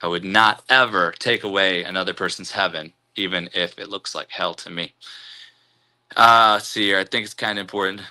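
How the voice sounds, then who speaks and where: A man's voice: deep voice, steady tone, normal speed, bright, forceful tone. A man hosting a casual live stream, greeting viewers and rambling loosely through spiritual musings.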